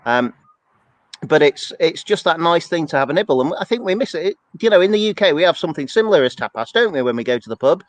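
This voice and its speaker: A man's voice: fairly high pitch, animated, fast, dry recording, poor audio. A man co-hosting a church's weekly show, chatting casually and rambling along in a self-deprecating way. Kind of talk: casual chat.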